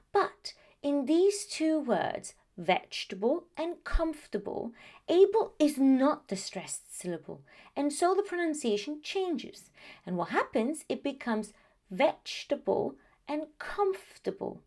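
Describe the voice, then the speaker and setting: Woman, middle-aged, pronunciation teacher; clear, deliberate delivery, animated pitch, slightly high voice. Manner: clear, deliberate, repeating example words slowly. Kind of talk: scripted pronunciation lesson to camera.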